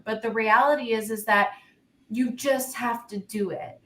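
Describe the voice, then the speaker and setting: A woman's voice: fairly high pitch, fairly even intonation, normal speed. A woman speaking as an expert panelist in a casual discussion, emphatic, with many rhetorical questions and frequent "like". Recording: roomy echo.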